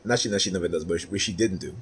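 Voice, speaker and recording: A man's voice: deep voice, very fast, slightly rough. A man talking through a personal story, rambling and often asking "right?" with many fillers. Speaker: commentator. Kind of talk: personal monologue.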